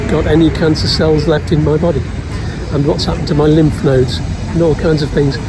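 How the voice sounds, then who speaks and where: A man's voice: on the high side, heavy background noise. A man talking in a casual personal vlog, chatty and jokey as he shares health news with his viewers. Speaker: vlogger and musician.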